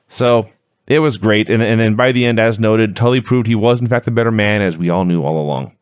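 A man's voice: mid-range voice, lively intonation, normal speed, no room sound, clean studio sound. A man co-hosting a casual review podcast, recapping events in an easygoing way and laughing often. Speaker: podcast co-host.

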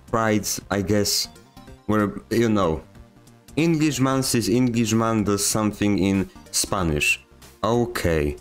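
A man with a fairly low voice reads viewer comments aloud and answers them with dry, deadpan sarcasm. His delivery is slangy and joking, with faint music under him. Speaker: channel host reading comments. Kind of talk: comedic comment-reading vlog.

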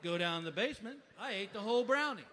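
A man spins a stand-up story with a strikingly high voice, acting out his own panic in animated bursts. The clip carries clear background noise. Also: quick pace. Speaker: stand-up comedian.

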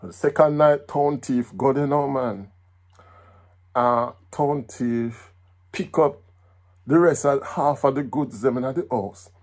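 A Jamaican man telling a folk story in patois, with a lively, animated delivery. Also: mid-range voice, takes it slowly.

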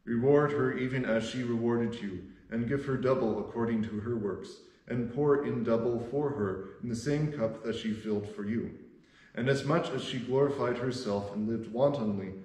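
A man's voice: normal speed, darkish tone, echoey room, natural voice, low-quality recording. A man doing an urgent voice from heaven. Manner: urgent high declaiming. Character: commanding heavenly voice, male, solemn.

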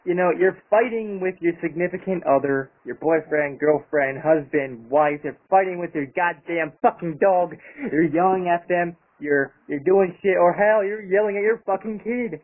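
A man's voice: sits high, normal speed. A man delivering an angry, profanity-heavy vlog rant about his channel. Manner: angry, profane, emphatic ranting. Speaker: YouTuber. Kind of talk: ranting vlog monologue. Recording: tinny phone-like sound.

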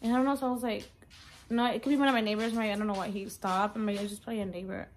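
A woman's voice: mid-range voice, little pitch movement, racing, slight background noise. A young woman telling a frightening story on her vlog, near tears, rambling with many fillers and slipping in Spanish words. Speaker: vlogger.

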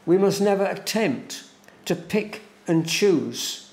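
A man preaches a sermon at a very slow, deliberate pace, leaning on repeated words for weight. His voice is gravelly and sits a little high. The church around him adds a roomy echo. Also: lively intonation, a little mellow. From England. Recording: echoey church room.

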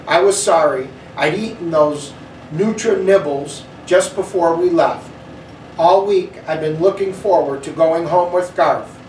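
A man reading a children's chapter book aloud in an expressive, animated way. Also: a little high, a little hiss or hum. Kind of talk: storybook read-aloud. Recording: echoey room, slightly distant mic.

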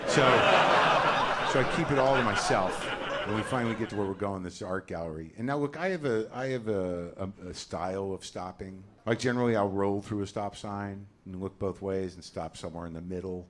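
A man in his forties doing a stand-up comedy set on a club stage, talking in a neurotic, ranting way and loudly acting out voices. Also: fairly low pitch, a little fast, background noise. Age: 40s.

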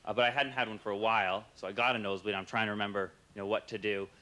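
A young man with a Canadian accent doing a halting, deadpan stand-up set, full of uhs and restarts. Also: lowish voice. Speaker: stand-up comedian. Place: comedy club stage with audience laughing. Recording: live stage recording with noisy room.

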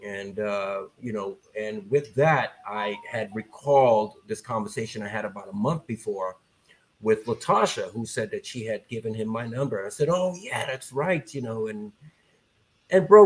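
A man as a podcast guest, telling a story in a casual, animated way and acting out the voices of people he quotes. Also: mid-range voice.

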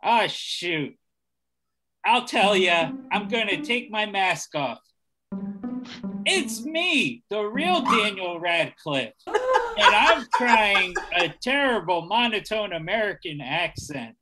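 A man's voice: high voice, very animated, slow pace, over loud music. A man performing improv comedy on a video call, playful and jokey. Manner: playful, jokey, breaks into laughs.

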